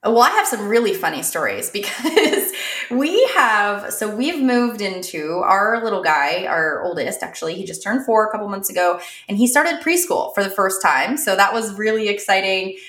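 Lively laughing woman telling stories. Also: mid-range voice, normal speed, echoey room. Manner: animated storytelling, laughs often. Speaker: podcast co-host. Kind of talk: casual chat.

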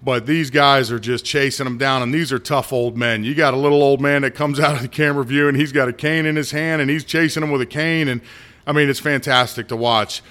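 A man's voice: medium pitch, steady tone, fairly quick, a bit bright. Blunt middle-aged man ranting on a podcast. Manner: blunt, ranting, talks in asides and restarts. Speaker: podcast host. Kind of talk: casual solo political podcast.

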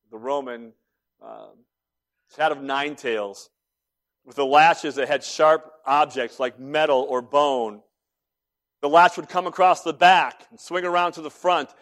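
Guy preaching a sermon, kinda high voice, acts out the story, goes loud then real quiet. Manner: dramatic retelling, voicing each character in turn; emphatic, swings between loud and hushed. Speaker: pastor.

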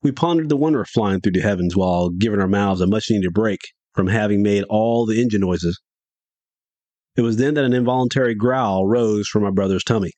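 A man's voice: fairly low pitch, brisk, dark tone, dry recording. A middle-aged man hosting a podcast, telling a story in a folksy, rambling way.

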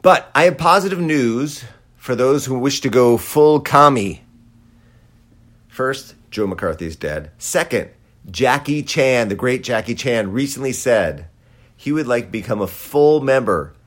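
A man's voice: medium pitch, expressive, a little slow, fairly bright tone. A man delivering a satirical political monologue with sarcastic, dry asides. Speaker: commentator.

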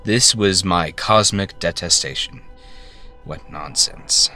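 Low-voiced man narrating a dark tale. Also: faint music behind. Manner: halting, stammering self-corrections. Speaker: storyteller. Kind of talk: first-person story narration.

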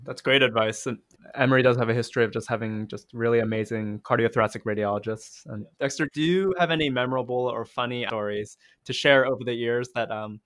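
A man's voice: mid-range voice, steady tone, quick pace, a bit bright, no room sound, studio quality. A man co-hosting a podcast, asking questions in a friendly, appreciative way. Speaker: podcast co-host.

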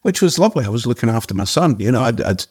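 An older man, an actor guest, telling a story casually in a halting way, with restarts and the odd casual swear. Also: mid-range voice, big pitch swings, darkish tone, slightly rough.

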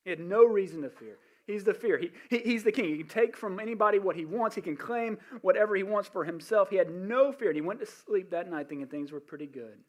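A male pastor preaching a sermon, telling the story in an animated way with asides and restarts. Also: high-pitched, fast talker, hardly any pauses.

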